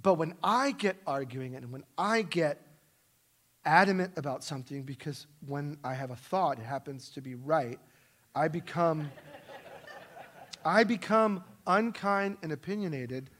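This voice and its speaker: High-voiced emphatic male preacher. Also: unhurried. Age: middle-aged. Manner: emphatic and self-deprecating, swings between loud stresses and soft asides. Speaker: pastor. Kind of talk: sermon. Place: church sanctuary.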